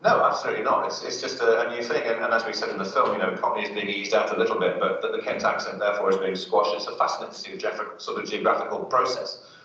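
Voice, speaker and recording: A man's voice: on the low side, steady tone, quick pace, sharp tone, heavy reverb, distant mic, highs cut off. A man speaking as a studio guest, explaining things fluently with plenty of fillers on a chat show.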